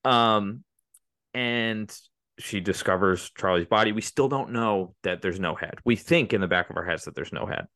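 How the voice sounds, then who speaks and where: A man's voice: fairly low pitch, moderate pace, pushed and bright, no echo. A man co-hosting a casual movie podcast, rambling through the plot with many restarts and fillers. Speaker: podcast co-host.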